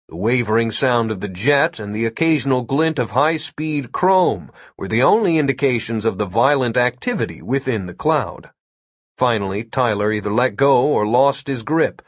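A man reads a fantasy story aloud in a measured, even storytelling manner, his mid-pitched voice close and dry on the mic. The delivery is clean and unhurried. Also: no room sound. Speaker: audiobook narrator. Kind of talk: scripted story narration.

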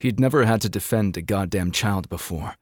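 An audiobook narrator, a man with a low-leaning voice, gives a measured, dramatic scripted reading of a gritty novel. The recording is close and dry, with no room sound.

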